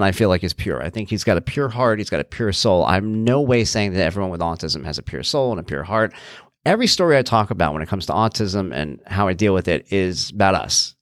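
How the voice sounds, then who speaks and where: A middle-aged man talks through his podcast alone in a low, lively voice that rises and falls a lot. He sounds earnest and thinks aloud with frequent restarts. The sound is dry and close, with no room around it. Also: no echo. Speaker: podcast host and author. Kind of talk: casual solo podcast talk.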